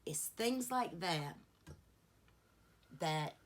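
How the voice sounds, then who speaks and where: Lively intonation and drawn-out words mark this middle-aged woman's lowish voice as she chats in a get-ready-with-me beauty vlog. Her stories ramble, full of asides.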